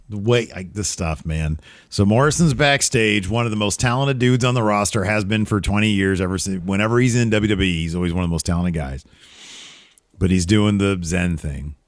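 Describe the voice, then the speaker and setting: A man with a lowish voice speaks at normal speed in clean studio sound with no room echo. Co-hosting a podcast, he gives an opinionated, casual recap of a wrestling show, often trailing off and starting over.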